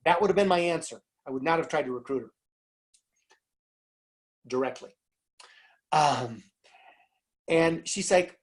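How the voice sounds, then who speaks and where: Man, network marketing speaker, animated storytelling, acts out phone calls, talks straight to the audience. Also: on the high side, a little slow, pauses often. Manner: storytelling, acts out both sides of a phone call in quoted voices; animated, emphatic, addresses audience as guys. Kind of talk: casual motivational talk.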